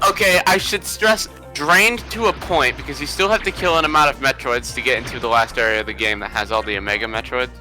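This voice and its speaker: A man's voice: mid-range voice, quick pace, hardly any pauses, bright, forceful tone, faint music behind, rough recording. A man chatting casually over a game stream, explaining game details and laughing often. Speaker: stream co-commentator. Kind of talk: casual chat over gameplay.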